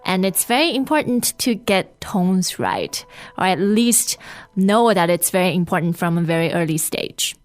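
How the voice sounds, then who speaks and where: A woman co-hosting a lesson podcast, modeling words slowly and repeating them. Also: on the low side, lively intonation. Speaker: Mandarin teacher, co-host. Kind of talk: scripted language-lesson podcast. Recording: faint music bed.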